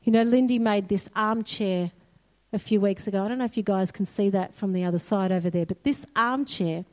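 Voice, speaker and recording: A woman preaches a sermon in a church hall, earnest and full of storytelling, softly quoting God along the way. Her voice is mid-range and fairly quick.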